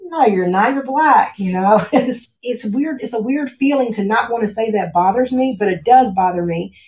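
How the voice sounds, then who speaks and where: A woman's voice: a little high, moderate pace, warm tone. A woman from the United States talking about her background as a guest, reflective and full of "you know" and "like" fillers. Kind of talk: casual conversation. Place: at home with a cat. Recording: roomy echo.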